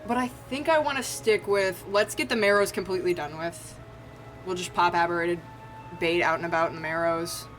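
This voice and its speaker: A woman's voice: lowish voice, normal speed, faint music behind. A woman streaming a video game, chatting casually to viewers with a self-mocking, foul-mouthed humor. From United States. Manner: chatty, self-mocking, swears freely, frequent laughs. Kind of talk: casual gameplay commentary.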